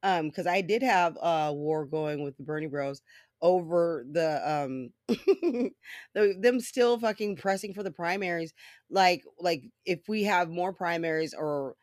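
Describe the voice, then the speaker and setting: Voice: mid-range voice, a little slow, dry recording, studio quality. A podcast host in a casual solo monologue, swearing freely and rambling through stories.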